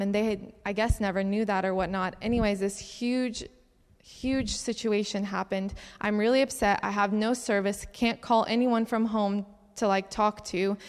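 A woman's voice: medium pitch, clear, resonant tone. Young woman telling testimonies in a reverberant hall. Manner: chatty and animated, acts out the dialogue of her stories. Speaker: camp counselor giving a testimony talk. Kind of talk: sermon-style testimony storytelling. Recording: long reverb of a large hall.

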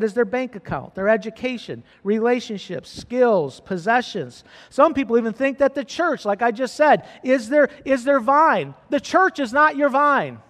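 Pastor guy preaching, really high voice, repeats stuff and gets worked up, echoey church hall. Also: fairly bright tone. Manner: repetitive, rising to fervent emphasis. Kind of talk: sermon.

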